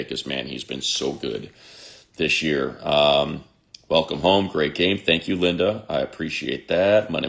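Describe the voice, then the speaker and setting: A man's voice: a bass voice, creaky, fairly bright tone. A man in his fifties, a sports radio host, chatting casually on a livestream and reading viewer comments aloud in a rambling way.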